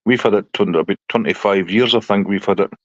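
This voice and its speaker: A man's voice: on the low side, fairly quick, no echo, dull audio. A man hosting a live stream, telling blunt, sweary stories in casual chat and laughing often.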